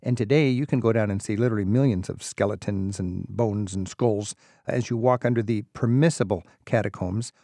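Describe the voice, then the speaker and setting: A man's voice: on the low side, brisk, warm tone, dry recording, clean studio sound. A man hosting a radio travel interview, reading a scripted intro and then asking curious, conversational questions. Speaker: radio travel show host.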